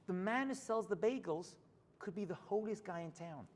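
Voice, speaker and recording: A man preaching a storytelling sermon as a rabbi in a synagogue, swinging from hushed asides to loud high points. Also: animated, moderate pace, long reverb tail.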